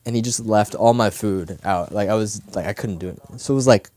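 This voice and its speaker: A man's voice: on the low side, a little fast, mellow, no room sound. A man hosting an open mic show, chatting loosely with the crowd, repeating himself and asking them questions. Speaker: comedy show host. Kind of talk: crowd work. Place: comedy club stage.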